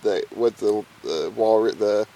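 A man co-hosting a podcast in casual chat, talking in excited, rambling stretches full of restarts. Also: on the low side, unhurried.

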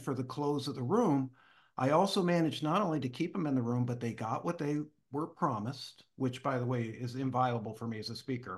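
A man, a guest on an interview show, telling a story in a casual, animated way and acting out the voices of the people in it. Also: medium pitch. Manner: animated, acts out quoted dialogue. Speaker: guest speaker.

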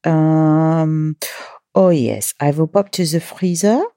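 A woman's voice: deep voice, takes it slowly, warm tone, dry recording, clean studio sound. A woman voicing a theatrical female French chef with a put-on French accent, savoring each revolting ingredient in a playful, hammy way.

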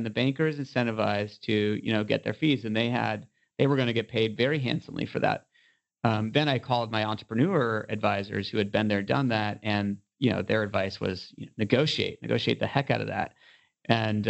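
Animated male entrepreneur telling a story. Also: lowish voice, creaky. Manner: animated storyteller, many "you know" fillers. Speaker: entrepreneur guest. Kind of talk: casual storytelling interview.

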